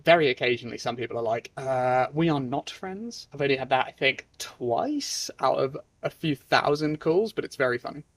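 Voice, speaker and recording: A young man giving casual sales advice, now and then acting out phone calls in lively voices. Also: mid-range voice, brisk, few pauses, no room sound. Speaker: sales trainer. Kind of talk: casual talking-head advice.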